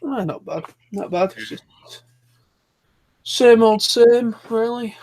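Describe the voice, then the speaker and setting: A rambling, chatty man with a Yorkshire accent and a fairly high voice. He talks casually on an online group call, wandering from point to point. The recording is dry and close, with no room sound. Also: takes it slowly, darkish tone, no room sound. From Yorkshire, England. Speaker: live chat co-host.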